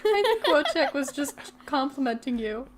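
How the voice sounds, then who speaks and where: A woman's voice: high-pitched, sing-song, moderate pace, background noise. A woman co-hosting a casual chat, giggling and agreeing often. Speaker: co-host and editor.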